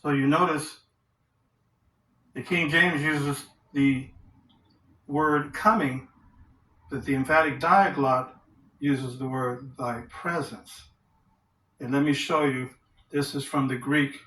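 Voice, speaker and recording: A man teaching from the Bible in a sermon, reading verses aloud slowly and asking rhetorical questions. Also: medium pitch, fairly even intonation, sharp tone. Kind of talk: scripture study sermon. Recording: roomy echo, distant from the mic.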